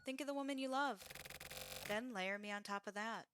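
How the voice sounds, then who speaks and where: A woman streamer voicing a gentle young woman who softly coaxes someone along. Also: a little high, normal speed, background noise, lightly acted. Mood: coaxing. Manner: soft, hushed, patient coaxing. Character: gentle young woman coaxing, calm and soothing.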